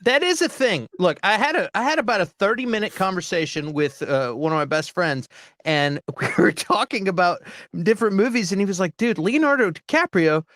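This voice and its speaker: Male co-host, high and very lively voice, dry and close, animated storyteller in casual chat. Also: a little fast, no room sound. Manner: animated storyteller, acts out quotes.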